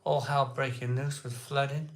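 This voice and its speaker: An excitable man hosting a casual live stream, chatting with viewers, repeating himself and laughing often. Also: medium pitch, moderate pace, echoey room. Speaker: live-stream beer show host. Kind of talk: casual live chat reading viewer comments.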